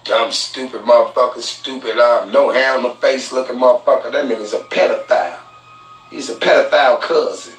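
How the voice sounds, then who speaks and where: A man's voice: mid-range voice, a little fast, far from the mic. A man hosting a live stream, telling a story in a casual, profane way, mocking people and laughing at his own insults. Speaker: live-stream podcast host. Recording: roomy, off-mic, faint noise.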